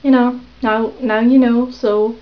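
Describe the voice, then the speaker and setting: A woman rambling hesitantly in a casual confessional vlog, with lots of pauses and ums. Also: a little high, flat delivery. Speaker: vlogger. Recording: dull lo-fi webcam audio.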